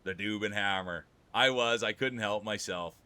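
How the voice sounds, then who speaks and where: A man's voice: fairly low pitch, normal speed, bright, forceful tone, clear, resonant tone. A man streaming live, commentating marble races and bantering with chat, rambling and laughing often as he jokes.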